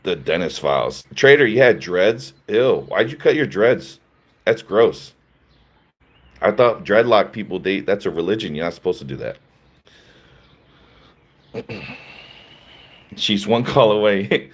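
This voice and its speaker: A man's voice: sits low, very animated, measured pace, long pauses. A man hosting a livestream, reading chat comments and answering them in a sarcastic, mocking way with frequent laughs. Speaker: livestream host.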